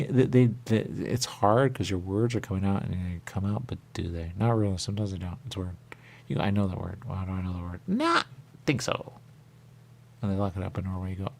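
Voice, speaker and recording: A man's voice: low voice, a little mellow. A man improvising as the ghost of a dead man, rambling and repeating himself, sometimes dropping to a whisper. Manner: rambling, repetitive, drifting into whispers. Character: rambling dead man's ghost, confused and rhyme-obsessed. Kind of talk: improvised comedy monologue.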